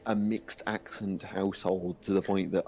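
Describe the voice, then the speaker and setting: Rambling low-voiced man chatting. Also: level tone, normal speed, gravelly, mellow, a little hiss or hum. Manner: rambling, frequent restarts. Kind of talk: casual chat.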